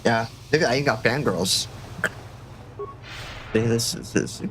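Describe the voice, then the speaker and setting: Excitable joking male game streamer. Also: medium pitch, moderate pace, a little hiss or hum. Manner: excitable, joking, swears often. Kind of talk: casual gameplay commentary. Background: game music.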